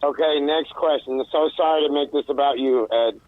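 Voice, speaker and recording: A man's voice: fairly high pitch, steady tone, moderate pace, no echo. A man in casual chat, asking rambling, hesitant questions. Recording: tinny phone-like line.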